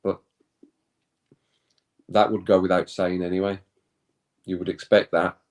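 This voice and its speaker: Chatty man, low voice. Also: little pitch movement, a little slow. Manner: chatty, reads chat comments aloud, laughs often, reacts to play. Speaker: live stream host. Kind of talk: casual watch-along chat.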